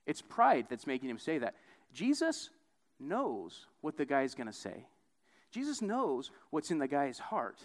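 A man's voice: wildly swooping pitch, a little slow. A young man giving a conversational sermon, often tagging on "right?" and acting out quoted voices. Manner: casual, repeats "right?" often; acts out quoted voices with big pitch jumps. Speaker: preacher.

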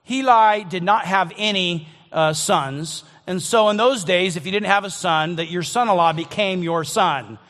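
A man's voice: high voice, measured pace, hardly any pauses, fairly bright tone, in a large hall. A man preaching a sermon in a conversational way, often restarting and repeating words as he thinks aloud. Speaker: pastor.

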